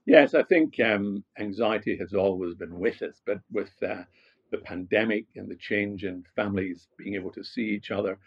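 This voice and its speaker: A man's voice: lowish voice, moderate pace, husky, lo-fi sound. A man from Glasgow with a Scottish accent, a guest telling his life story in a reflective way, with fillers and restarts. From Scotland, Glasgow. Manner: frequent fillers and restarts, rising animation in anecdotes. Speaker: guest, motivational speaker.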